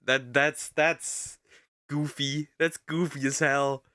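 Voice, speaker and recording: Male streamer reaction voice: bright and tense tone, dry close sound, blunt and ranting. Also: fairly high pitch, little pitch movement, slow pace, no room sound. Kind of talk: casual reaction commentary.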